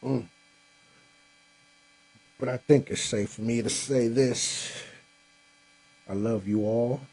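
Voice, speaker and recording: A man's voice: mid-range voice, steady tone, takes it slowly, vocal fry, mellow, breathy edge, rough recording. A man hosting a live podcast from home, chatting casually with viewers and sounding tired after a long day. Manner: laid-back, talks straight to viewers, says y'all. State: tired, yawning. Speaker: podcast host. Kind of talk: casual live-stream chat. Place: home room with a Christmas tree.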